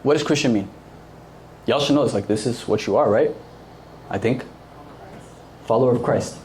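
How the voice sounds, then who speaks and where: A man's voice: medium pitch, moderate pace, a little mellow, a little hiss or hum. A young man giving a casual, conversational sermon to a youth group, full of fillers and acted-out quotes. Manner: conversational, filler-heavy, acts out quoted voices. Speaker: youth preacher.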